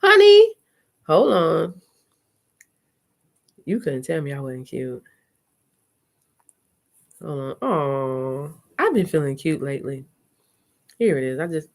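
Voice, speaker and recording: A middle-aged woman hosting a live chat, telling stories in a frank, animated way and acting out her own reactions. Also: very deep voice, moderate pace, long pauses. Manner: frank and salty, with slangy talk. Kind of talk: casual live-stream storytelling.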